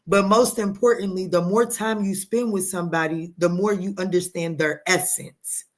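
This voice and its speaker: A woman giving a live tarot reading, talking straight to her viewers in an animated, emphatic way, using pet names and casual swearing. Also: lowish voice, moderate pace. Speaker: tarot reader answering live chat.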